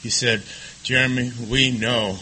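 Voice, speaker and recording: Bright-voiced man telling a recovery story. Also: medium pitch, fairly even intonation, measured pace, breathy edge, poor audio. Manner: confessional, self-mocking, swings from hushed to loud laughing. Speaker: speaker sharing his recovery story. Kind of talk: personal storytelling to a live audience.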